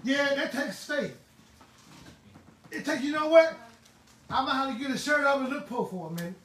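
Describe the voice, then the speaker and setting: A man preaching a sermon in a fervent, emphatic way, now and then bursting into shouts. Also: very high-pitched, normal speed. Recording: roomy, distant mic, faint ambient noise.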